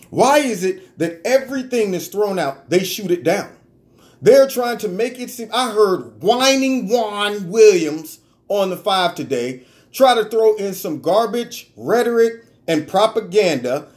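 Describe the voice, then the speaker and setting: A man delivering an animated, argumentative political commentary monologue, full of rhetorical questions. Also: high voice. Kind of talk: opinion vlog monologue.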